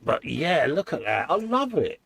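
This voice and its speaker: A man's voice: a little high, huge pitch swings, normal speed, gravelly, fairly bright tone, breathy edge, no room sound. A man co-hosting a casual live stream from a hobby workshop, reading out viewer comments and praising model builds in a chatty, upbeat way. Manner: chatty and upbeat, frequent laughs and "mate". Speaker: co-host of a live modelling show.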